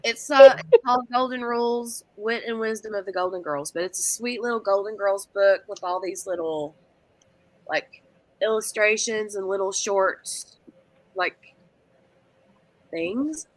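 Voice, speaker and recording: A woman's voice: medium pitch, unhurried, dry recording, rough recording. A woman hosting a craft live stream, chatting in a rambling, giggly way with lots of fillers. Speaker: craft channel host. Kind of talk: casual live stream chat.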